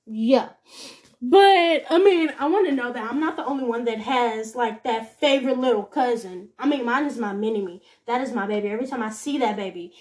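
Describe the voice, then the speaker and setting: Animated high-voiced teenage girl storyteller. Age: teens. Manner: animated, acts out quoted voices with big pitch jumps; colloquial, rambling with restarts. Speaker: podcast host. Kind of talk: casual storytelling rant.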